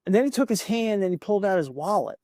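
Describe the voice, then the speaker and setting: A man's voice: high-pitched, lively intonation, fast, darkish tone, no room sound, clean studio sound. A man as a podcast guest on a video call, telling a personal story in an earnest, emotional way, often repeating words as he builds up.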